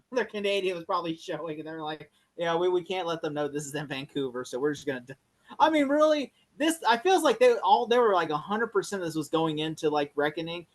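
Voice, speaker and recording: A man co-hosting a casual show chat, animated and profane, laughing often and acting out quotes. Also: fairly high pitch, quick pace. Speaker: podcast co-host.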